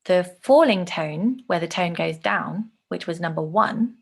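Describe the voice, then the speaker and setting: A woman teaching an online lesson on speech delivery, clearly demonstrating phrases with changing intonation. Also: lowish voice, takes it slowly.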